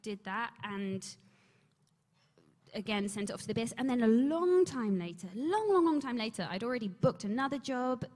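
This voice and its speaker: A woman's voice: a little high, big pitch swings, moderate pace, a little mellow. Rambling storyteller woman in a big hall. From England. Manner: rambling, self-interrupting storyteller. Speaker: panel guest actor. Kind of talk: convention panel storytelling. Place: large convention hall. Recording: long hall reverb.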